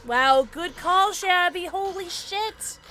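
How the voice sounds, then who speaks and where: A woman streaming a game, chatting casually and excitably with quick exclamations, swearing and laughing often. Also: very high voice, noisy background. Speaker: livestreamer. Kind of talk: casual gameplay commentary.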